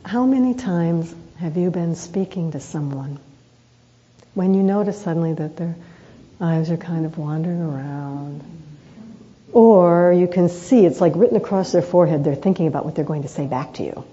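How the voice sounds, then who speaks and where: Mellow low-voiced woman giving a dharma talk. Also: lo-fi sound, a little hiss or hum. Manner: earnest, unhurried storytelling with rhetorical questions. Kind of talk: reflective dharma talk with personal stories.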